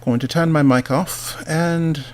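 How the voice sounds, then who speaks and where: A man with a fairly high but darkish, steady voice hosts a livestream at a measured pace, chatting casually and talking to himself as he works before interviewing a guest. He is rambling and chatty throughout.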